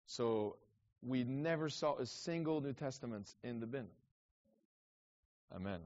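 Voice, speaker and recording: Animated man telling stories. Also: mid-range voice, a little slow. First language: French. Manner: animated, rambling storyteller with restarts and asides. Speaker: evangelist guest. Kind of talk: casual storytelling talk. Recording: dull, muffled sound.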